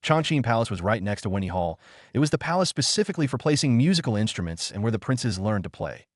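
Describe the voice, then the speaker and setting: A man with a lowish voice reads a storybook-style fantasy tale in a steady, even way. The recording is dry and close, with no room sound at all. He lifts his pitch a little when the characters speak. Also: fast, dry recording. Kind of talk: scripted storybook narration.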